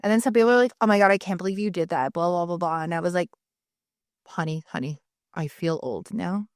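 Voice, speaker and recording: In studio-quality audio with no echo, a woman in her thirties speaks a little fast in a lowish voice. She's a mother co-hosting a casual podcast, telling animated stories, swearing freely, and acting out quotes.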